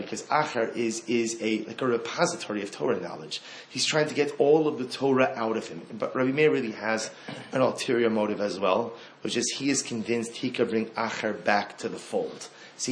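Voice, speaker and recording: Animated man giving a Torah talk. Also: medium pitch, a little hiss or hum. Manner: animated, repeats phrases, swings from hushed to loud.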